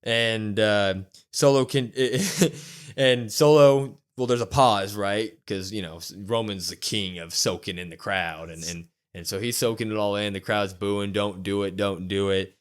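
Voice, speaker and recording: A man co-hosting a podcast, excitedly retelling a show and acting out the quotes. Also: on the low side, unhurried, hardly any pauses, smooth. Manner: animated storytelling, acts out quotes with loud whoops. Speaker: wrestling podcast co-host. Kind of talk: excited casual recap.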